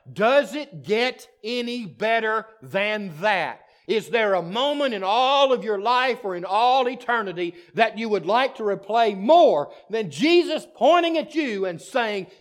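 A man preaching a sermon, emphatic and impassioned, repeating key phrases and moving between loud declarations and hushed asides. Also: sits high. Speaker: pastor.

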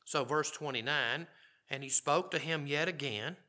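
A man's voice: on the high side, moderate pace, sharp tone. A middle-aged man preaching a sermon, reading scripture aloud and commenting on it in a conversational way. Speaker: pastor.

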